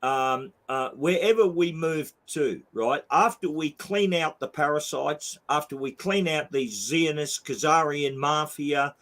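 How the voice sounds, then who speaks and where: A man's voice: on the high side, a little slow, few pauses, a bit bright. An older man with an Australian accent, talking as a blunt, emphatic interview guest who swears freely. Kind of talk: heated interview talk.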